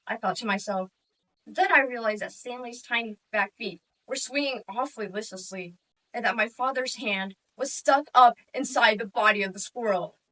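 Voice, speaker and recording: Wry woman telling a comic story. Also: fairly high pitch. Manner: wry, deadpan comic narration. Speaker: student competitor. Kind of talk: humorous interpretation storytelling. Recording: voice distant from the mic.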